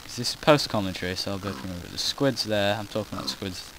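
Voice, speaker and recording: A man with a lowish voice talks briskly and very animatedly over his own gameplay, rambling as he goes. He frequently loses track of what he was saying, cuts himself off, and throws in casual swearing. Background noise is audible.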